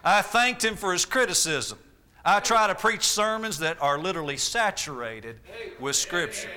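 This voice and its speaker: A man in his forties delivers a sermon from the pulpit. His voice sits high for a man and rings with a bright, forceful edge. He drives his points home through repetition and rhetorical questions. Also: lively intonation, moderate pace. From Arkansas, US. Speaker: preacher.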